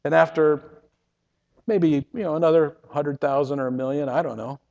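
A man telling his own story in the first person, earnest and emotional, often halting and repeating words. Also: on the high side, steady tone, darkish tone. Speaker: storyteller giving a testimony. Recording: reverberant, dull lo-fi sound.

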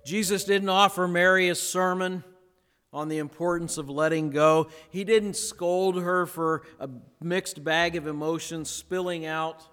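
A man preaching a sermon, pausing for effect and dropping to a near hush on key words, then building again. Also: on the high side. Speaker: pastor. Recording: long hall reverb.

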